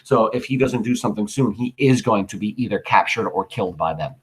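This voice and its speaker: A man's voice: lowish voice, expressive, fairly quick. A man teaching a class, reading scenes from a play aloud and explaining them in casual, everyday words. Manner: casual, switches between reading lines and plain paraphrase.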